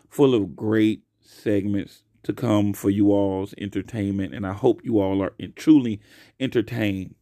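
A young man hosting his own podcast alone, talking casually and profanely into a close mic, swinging between loud outbursts and quiet asides. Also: fairly low pitch, no room sound. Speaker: podcast host. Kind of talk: casual solo podcast rant.

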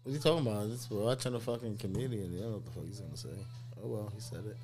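A man's voice: fairly low pitch, very fast, mellow, soft background music. Slangy, profane man co-host. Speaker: reaction video co-host. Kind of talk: casual chat.

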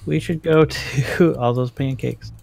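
A man's voice: mid-range voice, a little slow, gravelly, darkish tone. A man playing in an online tabletop game who talks in a laid-back, joking way and seems a little unsure. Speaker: player. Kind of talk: casual tabletop role-play.

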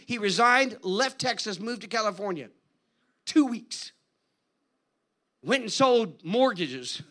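A man preaching a sermon in an animated, conversational storytelling manner. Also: high voice, moderate pace. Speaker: guest preacher.

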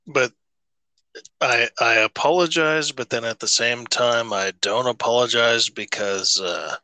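Casual podcast guy, bright tone, slow and meandering, dry close mic. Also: medium pitch, dry recording. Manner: rambling, swearing, many restarts. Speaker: podcast co-host. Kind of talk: casual chat.

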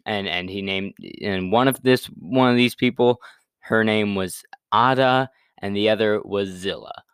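A man's voice: fairly low pitch, a little slow, smooth, no echo, studio quality. A young man casually retelling a Bible story in a laid-back, slangy way, full of fillers and restarts.

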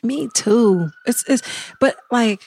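A middle-aged American woman hosting a podcast in casual, animated chat, laughing often and acting out quotes. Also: on the high side, slow, gravelly, slightly rough. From United States. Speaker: podcast host.

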